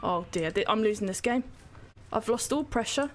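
A woman giving excitable, sweary, self-mocking commentary on her own gameplay as a streamer. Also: a little high, normal speed, over music. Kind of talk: live gaming commentary.

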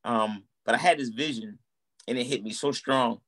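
Animated man telling his story. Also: mid-range voice, moderate pace. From United States. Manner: animated, acts out quoted dialogue. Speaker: guest, musician and minister. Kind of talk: casual conversational storytelling.

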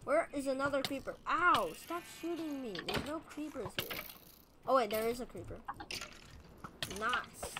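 A woman giving casual gameplay commentary as a video host, excitable, pleading with and scolding creatures in the game. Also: high-pitched, moderate pace, noisy background. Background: background music.

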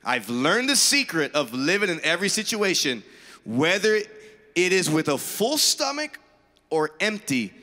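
An enthusiastic man co-leads a sermon in a high, bright voice, reading scripture aloud and affirming every point. The sound carries the long reverb of a church sanctuary. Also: sing-song, unhurried. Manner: enthusiastic, repeats "I love that statement". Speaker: pastor.

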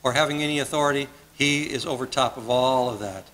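A man's voice: mid-range voice, brisk, fairly bright tone, low-quality recording. A man preaching a sermon as pastor, earnest and conversational, often repeating his phrases. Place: church sanctuary.

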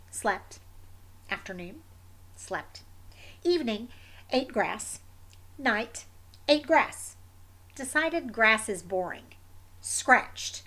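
A woman reading a picture book aloud in the voice of a sleepy, stubborn wombat, in terse, deadpan diary entries. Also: on the high side, takes it slowly, pauses often, heavily acted.

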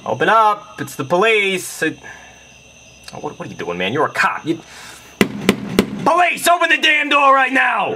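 A man's voice: on the high side, wildly swooping pitch, normal speed, noisy background. A man voicing a nervous, clumsy police officer who stammers and panics. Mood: panicky.

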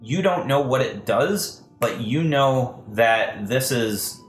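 A man narrating a tabletop game as dungeon master, halting with many fillers. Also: mid-range voice, animated. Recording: echoey room, faint music.

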